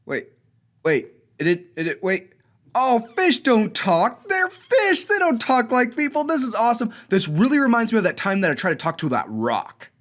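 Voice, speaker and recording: A young man hosting a coding school showcase, energetic and enthusiastic as he plays student games and pokes fun at himself. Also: extremely high pitch, moderate pace. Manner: energetic, enthusiastic, self-mocking. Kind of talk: upbeat video showcase, playing student games. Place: indoor studio with green screen.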